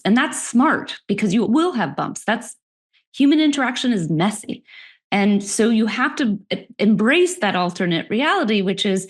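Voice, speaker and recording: A middle-aged woman, a workplace expert, talking as a podcast guest, animated and quick to laugh. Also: mid-range voice. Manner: animated, laughs often, speaks in quick bursts. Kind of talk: conversational interview.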